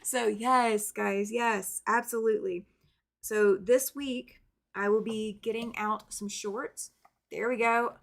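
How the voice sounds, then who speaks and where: A woman's voice: on the high side, steady tone, slow pace, creaky. A woman hosting a quilting live stream, chatting casually and greeting viewers by name. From American South. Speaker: quilting livestream host.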